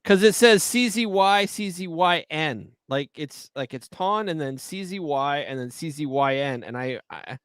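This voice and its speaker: A middle-aged man with a slightly high voice co-hosts a casual live show. He teases in a dry, wry tone, and the sound is close and dead with no room echo. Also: expressive, measured pace, few pauses, a bit bright, smooth. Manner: dry teasing, wry storytelling. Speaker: co-host of a live paintball show. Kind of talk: casual live-stream banter.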